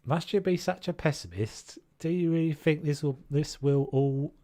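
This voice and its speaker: A man's voice: on the high side, moderate pace, warm tone, no room sound, clean studio sound, pitched above the performer's own voice, natural voice. Guy doing a fretful stammery crash survivor, hammy read-aloud. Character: fearful male train-crash survivor.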